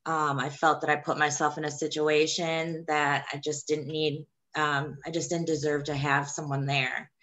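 A young woman gives a personal testimony about giving birth, in a halting, hesitant way. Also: low-pitched, little pitch movement, a bit bright. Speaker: woman sharing her childbirth story.

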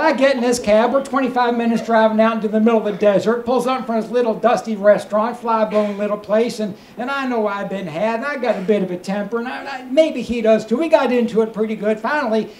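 A man's voice: high-pitched, quick pace, few pauses, a little hiss or hum. A male stand-up comedian working a cruise ship show lounge, spinning stories with mock-earnest asides. His voice carries through an echoey room. A faint murmur of ambience hangs behind him. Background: audience laughter.

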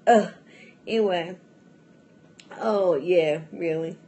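A woman's voice: mid-range voice, expressive, measured pace, long pauses, a little mellow. A young adult woman vlogging in a casual, rambling chat to camera, full of fillers and restarts and often breaking into laughs.

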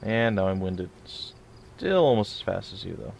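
A man's voice: deep voice, very animated, a little slow, creaky, a little mellow, slight background noise. A man hosting a let's play video, chatting casually and joking while he plays. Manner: joking, chatty, mumbles asides. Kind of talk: casual gameplay chat.

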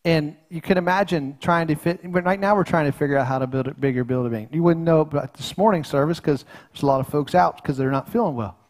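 Folksy middle-aged male pastor, slightly high voice, earnest sermon delivery with frequent restarts. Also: fast talker, few pauses, a little mellow. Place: church sanctuary.

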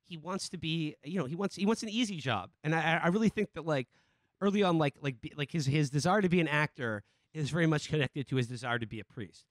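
A man's voice: a little high, expressive, fast, no room sound. A man co-hosting a podcast, recapping a film in casual chat with many restarts and fillers. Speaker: podcast co-host.

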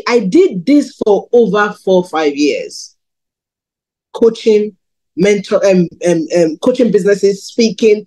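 Poor audio captures a slightly rough female voice: a thirty-something Nigerian preacher candidly narrating her own testimony in a sermon, her pitch swinging with animation.

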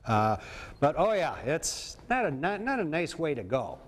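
A man's voice: fairly high pitch, big pitch swings, measured pace. A man from Minnesota giving an informal talk to an audience, who often checks in with his listeners. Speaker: presenter on septic systems. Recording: long reverb of a hall.

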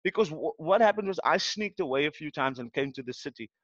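A man's voice: a little high, fast, dry recording, dull audio. A man from Cape Town with a South African accent, a podcast guest telling a story in a casual way and acting out what people said. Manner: animated, acts out what people said.

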